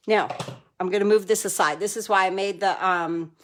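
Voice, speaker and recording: A woman's voice: medium pitch, normal speed. Woman, crafting demonstrator on a live stream, chatty and enthusiastic, talks viewers through each step. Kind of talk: live card-making demo.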